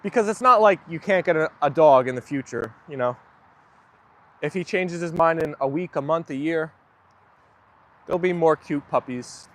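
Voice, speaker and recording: A man's voice: a little high, moderate pace, long pauses. A young man hosting a livestream, chatting casually and answering viewer comments as they come in. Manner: relaxed, chatty, often agreeing with viewers. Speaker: livestream host.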